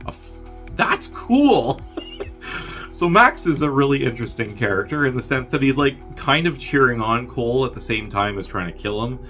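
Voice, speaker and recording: A man hosting a podcast, casually recapping a movie plot in a rambling, offhand way and slipping into quick impressions of the characters. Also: medium pitch, bright, forceful tone, soft background music. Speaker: podcast host.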